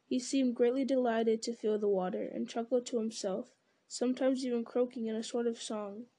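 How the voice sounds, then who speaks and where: A woman narrating a storybook aloud with a steady, unhurried reading manner. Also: a little high. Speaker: audiobook reader.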